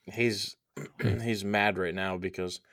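A man's voice: on the low side, fairly even intonation, slow pace, a bit bright, no echo, studio quality. A young man chatting casually, blunt and profane, with an exasperated edge. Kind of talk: casual chat.

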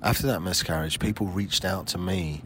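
A man's voice: low voice, moderate pace, a bit bright, slight background noise. A man in his forties hosting a solo podcast, talking in a blunt, emphatic way with frequent swearing. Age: 40s. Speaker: podcast host.

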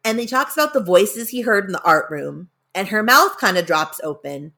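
A woman's voice: mid-range voice, animated, normal speed, vocal fry, sharp tone. A woman narrating a spooky story in a casual, conversational way, shifting tenses and leaning into the dramatic moments.

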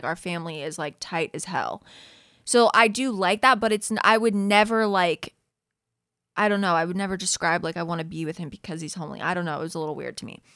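Brief: young woman host, loose chatty recap, lots of "like", mid pitch, dead-dry close mic. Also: fairly bright tone, no echo. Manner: chatty, frequent "like", swears freely, laughs often. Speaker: podcast host recapping a reality show. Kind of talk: casual chat.

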